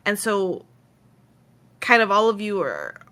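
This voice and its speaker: A woman's voice: mid-range voice, big pitch swings, slow, pushed and bright. A woman game master narrating a tabletop game casually, with a hesitant delivery full of fillers.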